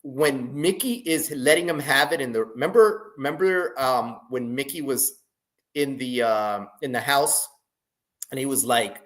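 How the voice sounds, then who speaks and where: A man in casual chat who talks haltingly with lots of restarts, sounding enthusiastic. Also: medium pitch, a bit bright.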